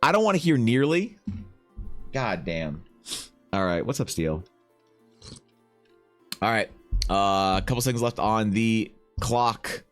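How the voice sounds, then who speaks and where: A young man chatting casually on a live art stream, animated and swearing as he banters with viewers, his voice slightly rough. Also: on the low side, slow, pauses often, soft background music.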